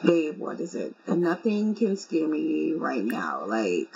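A woman voicing a young man who calmly reassures his partner. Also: low-pitched, slow pace, gravelly, slightly rough, voice pushed down, full character voice. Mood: reassuring. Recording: slightly muffled with faint hum.

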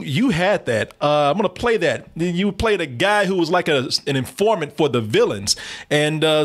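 Eager man hosting an interview. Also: high voice. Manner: enthusiastic, chatty fan. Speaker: interview host. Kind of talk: casual interview chat.

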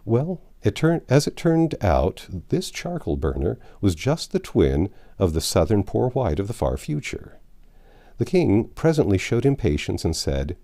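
A man reads a classic novel aloud in an expressive, measured manner. His voice is low and mellow, with lively rises and falls in pitch. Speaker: audiobook narrator.

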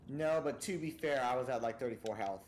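A man's voice: mid-range voice, fairly quick. A man chats casually as a podcast co-host while he plays a video game. He jokes, boasts and rambles, and his voice sits in a plain middle range. A faint noise sits behind him. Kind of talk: casual gaming chat.

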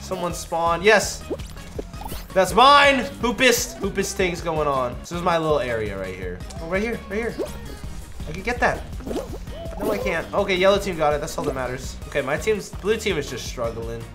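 A young man giving excitable live gameplay commentary, trash-talking and yelling in bursts. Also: on the high side, moderate pace. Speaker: gaming YouTuber. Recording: music playing behind.

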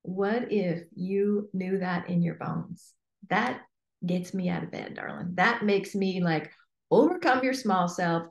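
A woman's voice: lowish voice, slow pace, creaky, dull audio. Emphatic woman coach in a roomy space. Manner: emphatic, animated, playfully acts out imagined inner voices. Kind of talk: interview guest.

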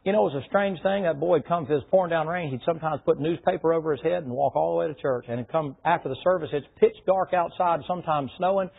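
A man preaching a sermon in a folksy style, breaking into loud shouts. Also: a little high, quick pace, creaky, hardly any pauses, husky. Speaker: pastor. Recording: tinny phone-like sound.

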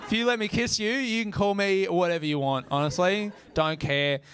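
A man's voice: high voice, moderate pace, noisy background. A young Australian man performing stand-up, casual and self-mocking, swearing and laughing into his lines. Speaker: stand-up comedian. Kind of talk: stand-up comedy set. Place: comedy venue stage.

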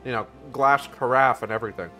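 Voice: medium pitch, brisk, bright, forceful tone, faint music behind. A streamer chatting casually while playing, rambling and trailing off. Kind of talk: casual game stream chat.

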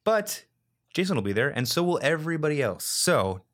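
A man hosting a live stream, relaxed and laughing easily, with many fillers. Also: a little high, a little fast. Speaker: host. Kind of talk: casual live-stream chat.

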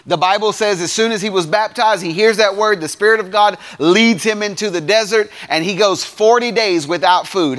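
A man preaching a sermon to young people, swinging between loud points and quiet asides. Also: high-pitched. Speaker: youth pastor.

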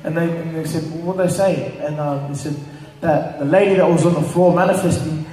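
Male pastor, fairly high voice, loose chatty preaching, recorded from afar in a big reverberant hall. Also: fairly even intonation, fairly quick, dark tone. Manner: conversational, many fillers, retells stories with quoted voices. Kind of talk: church teaching. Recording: echoey hall, distant mic.

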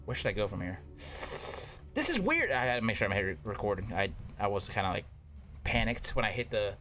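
Excitable man with a wildly swinging voice. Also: on the low side, normal speed. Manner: excitable, talks to himself, yelps at close calls. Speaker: gaming YouTuber. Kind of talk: casual gameplay commentary.

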